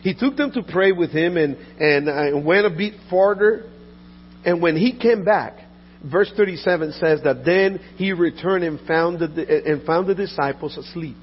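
A man preaching a sermon earnestly, often restarting and repeating words, and dropping soft and low in the painful parts. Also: moderate pace. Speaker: pastor. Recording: dull lo-fi audio with faint mains hum.

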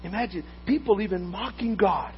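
A high-voiced man in his fifties delivers a sermon, rising to loud, emphatic preaching and dropping to quiet asides. The audio is dull and lo-fi, with a faint mains hum underneath. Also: moderate pace. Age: 50s. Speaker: pastor.

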